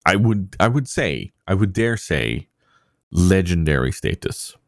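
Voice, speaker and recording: A man's voice: deep voice, big pitch swings, a little slow, dry recording, clean studio sound. A man hosting a casual podcast, rambling with many fillers and poking fun at himself. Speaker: podcast host.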